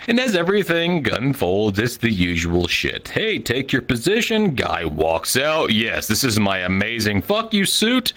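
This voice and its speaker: A man's voice: fairly high pitch, fairly bright tone. A man telling a crude, profane story as a stand-up comedian, from the Midwest United States.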